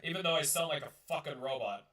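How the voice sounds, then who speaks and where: Rambling and profane with many restarts, a man hosts a casual live-streamed talk show, repeating his words as he swears. His voice is fairly high, fast, and sharp, captured on a distant mic in an echoey room.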